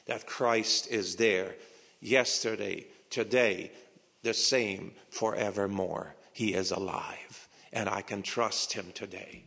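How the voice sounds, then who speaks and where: A male pastor preaching a sermon with dramatic delivery, dropping to hushed whispers and rising to emphatic peaks, slow and deliberate with repeated phrases. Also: fairly low pitch, gravelly, slightly rough. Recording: long hall reverb.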